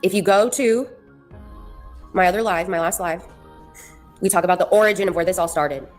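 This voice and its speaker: A woman's voice: fairly low pitch, normal speed, faint music behind. A woman on a livestream laying out her side of a feud in a firm, argumentative way. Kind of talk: explaining on a livestream.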